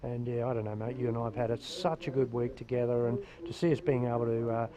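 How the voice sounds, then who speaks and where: A man's voice: mid-range voice, steady tone, fast talker, a crowd in the background, low-quality recording. A man commentating live surfing from a booth, chatty and enthusiastic. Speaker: surf commentator.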